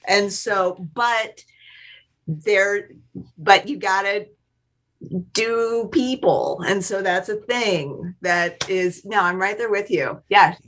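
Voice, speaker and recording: Bright-voiced, self-mocking woman swearing freely. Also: mid-range voice, rough recording. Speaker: podcast guest. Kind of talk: casual conversation.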